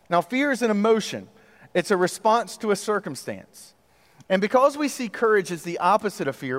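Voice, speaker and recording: A man preaching a sermon in a conversational way, using rhetorical questions and dramatic pauses. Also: high voice, long reverb tail. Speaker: pastor.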